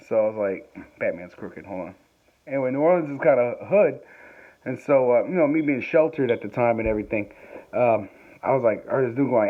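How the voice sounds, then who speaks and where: Rambling man on a tinny phone recording. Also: mid-range voice. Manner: chuckling, swearing, digressive. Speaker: vlogger. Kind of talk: rambling casual storytelling. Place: home during a power outage, candlelit.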